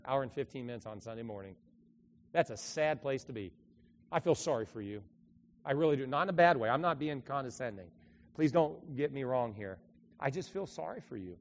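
High-voiced preaching man in an echoey hall. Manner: animated preaching, swinging between loud bursts and quiet asides. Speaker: pastor. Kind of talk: sermon. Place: church sanctuary.

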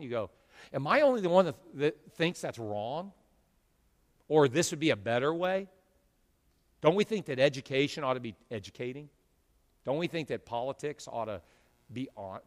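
High-voiced preaching pastor in a reverberant church. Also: male voice. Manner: preaching with loud emphatic swells and drawn-out phrases. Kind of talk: sermon. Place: church sanctuary.

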